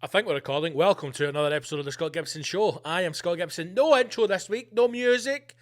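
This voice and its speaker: Man, podcast host, high-pitched voice, angry sweary rant, sarcastic. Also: fast talker. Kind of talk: ranting solo podcast.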